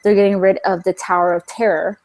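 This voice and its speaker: A woman's voice: medium pitch, flat delivery, brisk, darkish tone. A young woman from California co-hosting a casual podcast chat, talking in a chatty way with lots of "like" and restarts. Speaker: podcast co-host.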